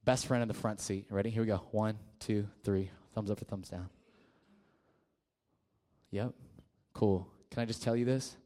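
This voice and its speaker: A man preaching to a youth group in a casual, conversational way, sometimes dropping to a hushed voice for a story. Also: lowish voice, steady tone, moderate pace, pauses often. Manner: casual and conversational, with fillers and restarts; drops to a quiet, hushed voice in the story. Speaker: youth pastor.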